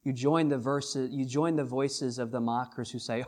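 A man preaching a sermon as pastor, swinging between hushed lines and loud, drawn-out emphasis. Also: medium pitch, fairly even intonation.

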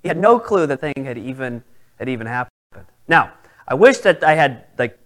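Heard through poor audio, this pastor speaks at a normal pace with a medium-pitched male voice. His sermon features a personal story told in a lively way, with the quoted lines acted out.

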